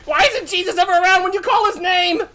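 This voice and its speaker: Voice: mid-range voice, sing-song, brisk, close to an everyday voice. A streamer voicing a timid, panicky, cowardly survivor in a game, babbling and shrieking in fright. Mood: screaming. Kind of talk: in-character game commentary.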